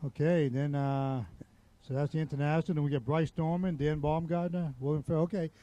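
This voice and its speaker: A man's voice: a little high, fairly even intonation, a little fast, warm tone, highs cut off. A man co-commentating a live sports event, hyping the crowd and teasing his partner in banter.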